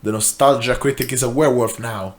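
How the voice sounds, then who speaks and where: A man's voice: medium pitch, fairly even intonation, brisk, close to an everyday voice. A man voicing a smug, all-powerful male corporate boss who talks in a pompous, condescending way.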